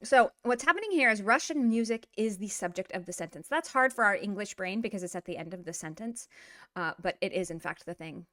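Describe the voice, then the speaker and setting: A woman's voice: mid-range voice, animated, a little fast, a bit bright, no room sound, studio quality. A woman giving a casual, chatty language lesson with lots of fillers and an upbeat manner. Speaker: Russian language teacher.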